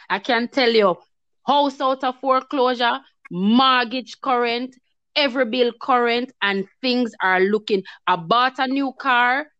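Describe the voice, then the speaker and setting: A woman's voice: fairly high pitch, a bit bright, smooth, no room sound. A woman tells a personal testimony in casual talk, acting out her own past words with feeling. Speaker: guest telling her story. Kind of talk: emotional testimony in casual chat. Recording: dull, lo-fi sound.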